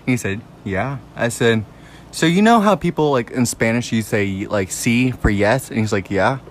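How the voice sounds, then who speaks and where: A man's voice: mid-range voice, expressive, normal speed, a little hiss or hum. A young man co-hosting a podcast in casual, rambling chat, laughing often. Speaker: podcast co-host.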